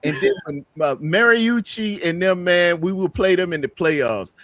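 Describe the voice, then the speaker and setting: A man rants in loose podcast chat, circling back to the same complaints again and again. His voice sits a little high, and the recording is close and dry with no room sound. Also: normal speed, no room sound. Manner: animated, repetitive, heated ranting. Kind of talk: casual sports podcast chat.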